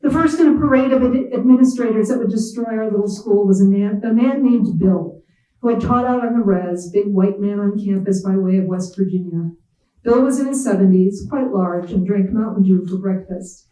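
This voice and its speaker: A writer giving a measured, wry literary reading in the second person. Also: medium pitch, mellow, echoey room, far from the mic, low-quality recording. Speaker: visiting writer. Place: reading event hall.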